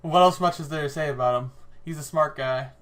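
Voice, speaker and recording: A man's voice: on the high side, a little fast, background noise. A man co-hosting a podcast in casual chat, thinking aloud and laughing often. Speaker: podcast co-host.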